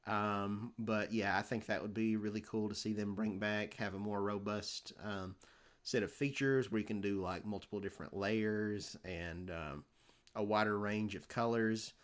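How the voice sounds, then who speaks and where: A man's voice: fairly low pitch, steady tone, moderate pace. A young man, talking casually on a podcast with lots of ums and restarts. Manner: rambling, many fillers and restarts. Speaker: podcast host.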